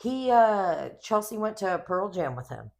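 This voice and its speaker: A young woman co-hosts a podcast, rambling and swearing a lot as she animatedly tells stories in casual chat. Her voice is medium-pitched with vocal fry, and she speaks in an unhurried way.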